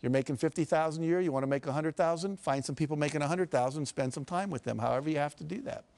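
A man's voice: a little high, quick pace, creaky, a little mellow. A man from the United States speaks as a motivational speaker at a live seminar. He tells stories and acts out quotes. He also puts questions straight to the audience.

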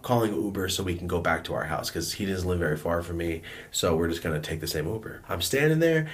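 A young man tells a story straight to camera in a somewhat low voice, swearing freely as he goes. He jumps between hushed asides and loud outbursts. He talks like he is chatting with friends. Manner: profane, animated storytelling with outbursts. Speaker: vlogger.

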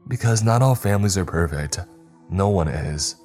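A man's voice: deep voice, expressive, normal speed, a little mellow, faint music behind, voice pushed up. A man voicing a stern cop. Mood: pleading. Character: determined male police detective, a father.

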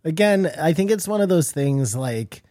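A man's voice: on the high side, animated, normal speed, warm tone, dry recording, studio quality. A man chatting on a podcast in a loose way, sometimes losing his thread. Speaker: podcast co-host. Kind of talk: casual podcast chat.

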